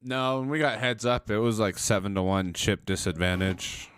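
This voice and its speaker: A man on a poker stream, talking in a relaxed, wry, fairly low voice as he greets chatters. His mic carries a clear layer of background hiss and clicks. He keeps things casual and dry-humored. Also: normal speed. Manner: laid-back, wry, greets chat by name. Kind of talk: casual live-stream chat.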